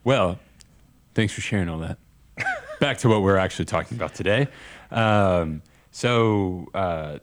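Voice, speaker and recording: Brief: man, very low voice, casual podcast host, hesitant, filler-heavy question asker. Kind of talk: casual chat.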